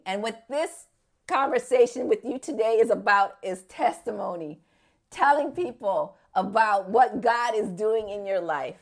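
A woman's voice: mid-range voice, expressive, a little slow. A woman in her fifties telling her faith testimony as a story, acting out the voices in it and growing fervent near the end. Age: 50s. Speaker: speaker giving a testimony.

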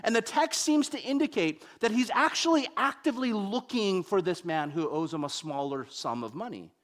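Animated young man preaching a sermon. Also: sits high, normal speed. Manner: animated storytelling, wide swings between loud and hushed.

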